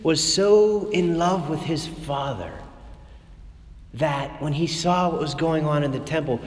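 A man preaching a sermon in a church, passionate, his voice dropping to a hush and then rising again. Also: fairly high pitch, unhurried, big-room sound. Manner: impassioned, swings between hushed and raised. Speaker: priest.

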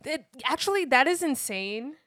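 Give me a woman co-hosting a movie podcast, quick reactions, slightly high voice. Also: very animated, fairly bright tone, no echo, clean studio sound. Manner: reactive, quick exclamations and frequent laughs. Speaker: podcast co-host. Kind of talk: casual movie review chat.

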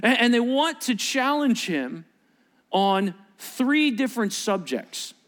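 A male pastor delivering a sermon, animated and joking, acting out little voices and sarcastic asides. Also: very high voice, slow.

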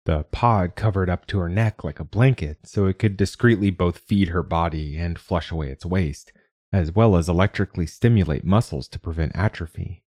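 A man narrating a science fiction short story in a calm, measured storytelling manner. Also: low-pitched, no room sound, clean studio sound. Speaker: narrator and podcast host.

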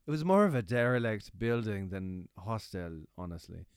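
A man's voice: on the low side, lively intonation, moderate pace, clear, resonant tone, no echo, clean studio sound, voice pushed down. A man reading a hotel complaint in a put-on British accent, as a stiff male reviewer. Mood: prim. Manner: reading a complaint aloud, stifled laughs.

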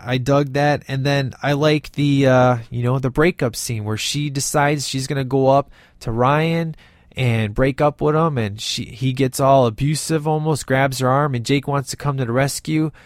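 A man's voice: medium pitch, no room sound. Casual male movie reviewer, dry sound. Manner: enthusiastic, retells scenes in quoted lines.

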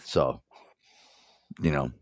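An American man hosting a casual talk show, slightly hoarse, animated and laughing often. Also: drawn-out words, no echo, clean studio sound. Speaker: host.

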